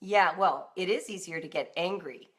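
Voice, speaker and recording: A middle-aged woman hosting a live-streamed talk for parents, animated and now and then acting out emotional outbursts in a raised voice. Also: lowish voice, normal speed. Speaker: homeschooling author and host.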